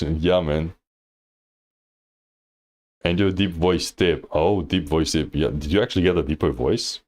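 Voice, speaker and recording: A man with a notably deep, low-pitched voice talks through a viewer's match like a livestream coach. He keeps it loose and slangy and often breaks into teasing laughter. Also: measured pace, long pauses. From Thailand. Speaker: game coach reviewing gameplay. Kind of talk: casual livestream coaching commentary.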